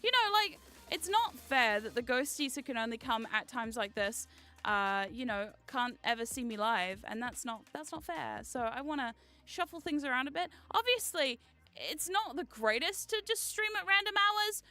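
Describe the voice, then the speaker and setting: A woman streamer chatting casually on a live stream, excitable and giggly, swearing freely. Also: sits high, moderate pace. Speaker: VTuber streamer.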